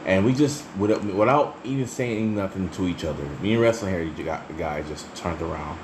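A man's voice: low-pitched, brisk, noisy background. A man hosting his own podcast, telling casual, profane stories and laughing as he goes. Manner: laughs often, swears freely, chatty and animated when telling stories. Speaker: solo podcast host. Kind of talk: casual profane storytelling monologue.

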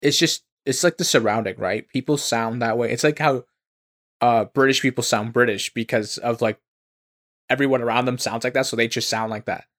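A man's voice: medium pitch, fairly even intonation, fairly quick, fairly bright tone. A young man from Canada co-hosting a casual comedy podcast, chatty and explaining things with stumbling restarts. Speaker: podcast co-host.

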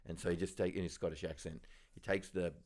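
A very low-pitched man chatting on a podcast. He tells stories casually, pokes fun at himself and laughs along the way. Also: flat delivery, fast, a little mellow. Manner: storytelling, self-deprecating, laughs often. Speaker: podcast co-host. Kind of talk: casual chat.

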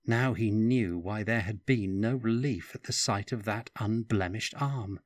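A male storyteller reads a fantasy novel in a deliberate, unhurried pace. His voice sits low and is recorded dry and close. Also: no room sound. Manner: slow, even reading. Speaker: audiobook narrator. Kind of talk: scripted narration.

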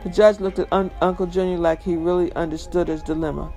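A man with a high voice reads a memoir aloud, telling it in an emphatic, conversational way. Faint music plays underneath him. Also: little pitch movement, fast, darkish tone. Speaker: reader. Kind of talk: memoir reading.

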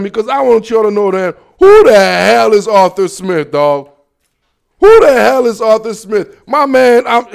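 A man talking sports in a casual monologue, animated and slangy, repeating himself as he pushes his opinions hard. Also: sits high, vocal fry. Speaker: sports commentator.

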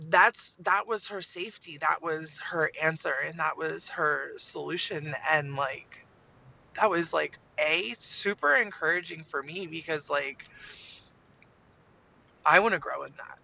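Woman, earnest casual testimony, gravelly edge, dull lo-fi sound. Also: deep voice, unhurried, pushed and bright. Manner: earnest, chatty, heavy use of "like". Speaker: mother sharing her faith.

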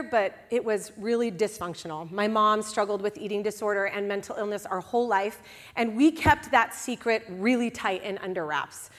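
A woman speaking to a live audience, telling funny and candid personal stories in an animated way. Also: mid-range voice. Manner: animated, humorous, confessional. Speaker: guest speaker at a women's event. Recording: long hall reverb.

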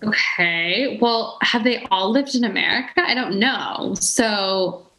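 A woman's voice: medium pitch, slow, sharp tone. An English woman, a guest, chatting playfully on a podcast and trying out impressions. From England. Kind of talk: casual podcast chat. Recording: roomy echo.

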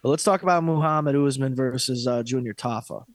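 A man's voice: mid-range voice, a little fast, dry recording. A man co-hosting a fight podcast, talking in a blunt, profane, opinionated way in casual sports chat. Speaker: podcast co-host.

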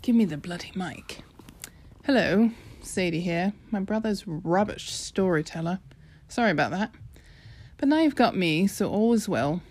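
A woman's voice: fairly low pitch, lively intonation, measured pace, a little mellow, slightly rough. A woman voicing a cheeky British teenage girl. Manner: brash, chatty, sarcastic.

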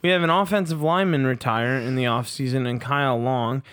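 A man's voice: mid-range voice, brisk, a bit bright, clear, resonant tone, no room sound. Blunt man steering a sports chat. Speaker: podcast co-host.

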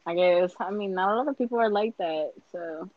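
A woman's voice: fairly low pitch, brisk, dry recording. A young woman chatting casually with a friend, hedging a lot and filling her talk with "like". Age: young adult. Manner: chatty, hedging, lots of fillers. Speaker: friend asking questions. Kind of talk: casual chat. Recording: muffled lo-fi audio.

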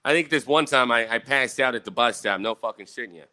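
A man's voice: medium pitch, quick pace, sharp tone. A young man telling rambling, profane stories to his viewers in a casual storytime, often tagging "right?" onto his sentences. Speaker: vlogger.

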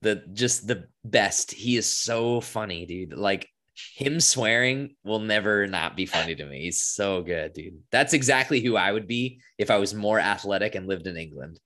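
A man's voice: lowish voice, animated, normal speed, sharp tone. A young man co-hosting a podcast, chatting casually and enthusiastically with lots of fillers. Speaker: podcast co-host. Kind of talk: casual chat.

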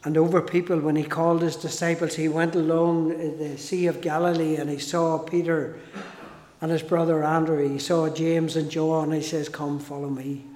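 A man preaching a sermon, slow and emphatic, who repeats key phrases for weight and restarts his sentences. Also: fairly high pitch, flat delivery, a little mellow. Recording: echoey hall with long reverb.

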